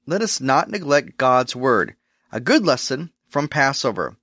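A man hosting a religious radio program, giving a scripted, earnest teaching and reading scripture in a measured way. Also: medium pitch, sing-song, sharp tone, dry recording, studio quality. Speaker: radio ministry host.

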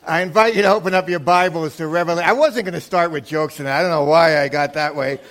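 A man's voice: fairly high pitch, fast, a bit bright. A man preaching a sermon as a guest speaker, chatty and joking, rising to emphatic points.

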